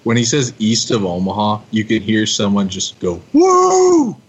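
A man co-hosting a podcast, chatting casually and telling stories with a joking, lively manner. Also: fairly low pitch, normal speed, breathy edge, lo-fi sound. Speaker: podcast co-host. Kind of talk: casual chat.

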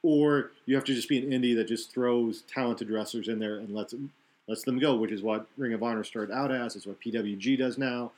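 Casual talk-show man, middling pitch, loose and rambling, lots of restarts. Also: steady tone, a little fast, darkish tone. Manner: rambling, self-correcting analysis. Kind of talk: casual wrestling chat.

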